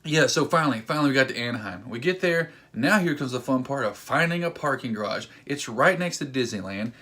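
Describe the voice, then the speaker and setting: Casual male vlogger, average pitch, rambling and excitable delivery. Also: fairly quick. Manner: excitable, rambling, acts out quotes. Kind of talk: casual storytelling vlog.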